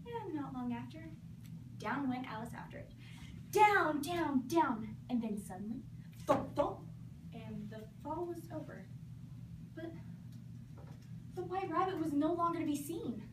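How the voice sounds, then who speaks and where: A woman's voice: sits high, measured pace, long pauses. Teen girl from Georgia telling a storybook tale with lots of expression; distant mic, room noise. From Georgia, USA. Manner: animated, expressive. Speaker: competition performer. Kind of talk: storybook narration. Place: school competition room. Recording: echoey room from far off, noisy.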